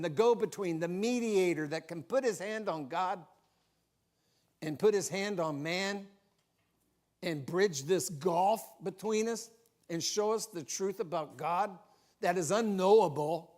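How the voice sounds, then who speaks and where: Older grandpa pastor preachin casual n folksy, kinda high voice. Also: male voice. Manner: folksy, conversational teaching with asides. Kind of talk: sermon. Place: church.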